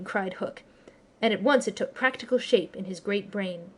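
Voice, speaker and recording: A woman narrating a storybook audiobook with expressive, lively storytelling. Her voice sits at a medium pitch. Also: moderate pace. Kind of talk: scripted narration.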